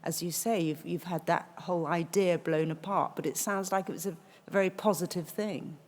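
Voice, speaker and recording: A woman's voice: on the low side, steady tone, normal speed. A British woman on a live panel, telling her story candidly and with energy. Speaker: panel guest. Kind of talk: panel discussion on stage.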